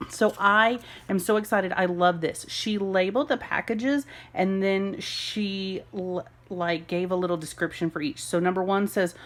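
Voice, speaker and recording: A woman filming an excited unboxing vlog at home, gushing and gasping with delight over each gift. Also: medium pitch, normal speed. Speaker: homeschool mom vlogger.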